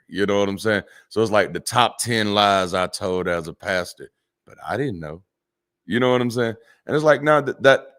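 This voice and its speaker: A man with a low, deep voice hosts a casual livestream. He talks loosely and chattily, full of slang and restarts, and reacts to the chat as he reads it. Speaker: livestream host, former pastor. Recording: solo livestream at home.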